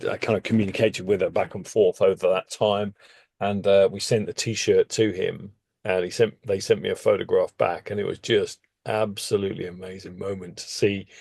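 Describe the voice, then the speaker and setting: A man recounting a story in relaxed conversation, his fairly low voice leaping up whenever he gets excited. The sound is close and dry, with no room around it. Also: gravelly, no room sound. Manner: animated, with sudden jumps in pitch. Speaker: interview guest.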